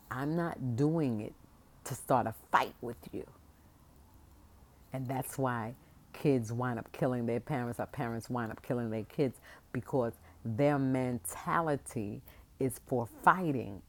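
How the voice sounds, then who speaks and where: A woman venting at length to her camera, her voice rising and pressing hard on each point as she rambles on. Her speech is passionate and emphatic, with the loose, unscripted flow of a casual vlog rant. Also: rumbling low.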